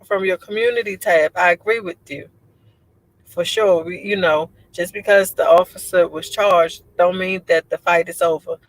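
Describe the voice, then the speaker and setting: A woman with a low voice, chatting casually on a livestream, rambling and laughing often as she answers viewer comments. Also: steady tone, moderate pace, rough recording. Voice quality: low voice she says sounds like a man's. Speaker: livestream host.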